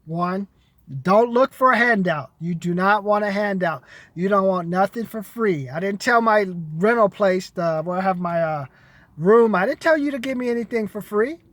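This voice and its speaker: A man's voice: sits high, moderate pace, fairly bright tone, no echo. A man giving blunt, profane money advice in a casual monologue to camera.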